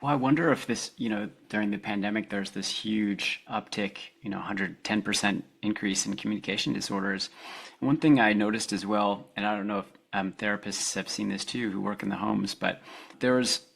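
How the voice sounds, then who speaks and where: A male podcast host putting questions to his guest in a thoughtful, searching way. His voice sits low, with a gravelly fry running through it. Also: normal speed, fairly bright tone. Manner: thoughtful, searching, wondering aloud. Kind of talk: interview questions.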